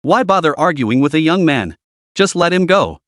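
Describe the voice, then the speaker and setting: A man's voice: on the high side, animated, normal speed, a bit bright, no room sound, studio quality. A man voicing a worried middle-aged woman in a storybook recap, pleading urgently.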